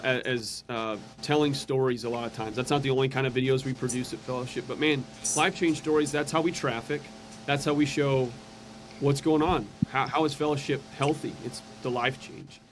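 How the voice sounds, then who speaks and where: Man, mid pitch, earnest and conversational, sharing his testimony as a guest, faint noise behind. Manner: earnest and conversational, acts out quoted voices. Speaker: podcast guest. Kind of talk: personal testimony storytelling.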